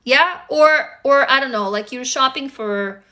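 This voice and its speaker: Her voice sits high and sounds pushed and bright, delivered a little slowly. Worn out and sleepy, she answers viewers on a casual livestream with candor, plenty of swearing, and rhetorical questions.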